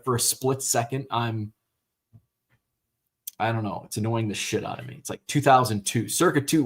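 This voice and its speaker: A middle-aged American man hosting a live stream, chatting casually and rambling with lots of fillers and restarts, now and then swearing. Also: mid-range voice. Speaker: host. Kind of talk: casual livestream chat.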